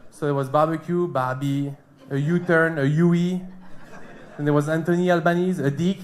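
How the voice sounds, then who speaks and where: A man's voice: on the high side, fairly even intonation, normal speed. French man doing stand-up. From France. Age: 30s. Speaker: stand-up comedian. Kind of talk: stand-up comedy set. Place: comedy club stage.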